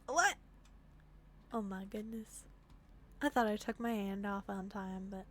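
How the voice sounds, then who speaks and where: A woman's voice: medium pitch, fairly even intonation, slow, long pauses. A young woman streamer giving casual commentary while she plays a game, talking to herself and dropping to a whisper in the tense moments. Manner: talks to herself while playing, drops to whispers when sneaking.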